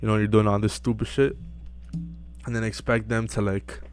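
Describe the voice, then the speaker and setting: A young man giving casual self-improvement advice to camera, relaxed and full of fillers, often checking in with "right?". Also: on the low side, normal speed, clear, resonant tone, faint music behind. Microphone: close mic.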